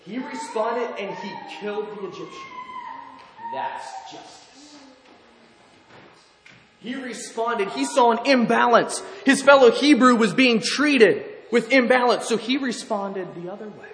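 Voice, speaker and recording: A man preaching a sermon in an animated way, putting questions to the congregation. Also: extremely high pitch, unhurried. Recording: echoey hall, faint room noise.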